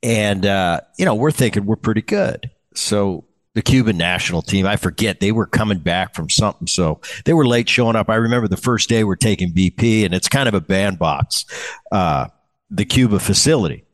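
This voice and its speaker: Man, 50s, low voice, podcast host, rambling storyteller, casual chat. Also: animated, moderate pace. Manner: rambling, repeats words, frequent fillers. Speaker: podcast host, former ballplayer.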